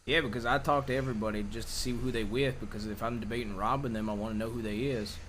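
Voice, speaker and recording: A man in a roleplay stream, chatting in character as an outlaw with a folksy, rough-grammar drawl. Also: medium pitch, steady tone, quick pace, fairly bright tone, a little hiss or hum.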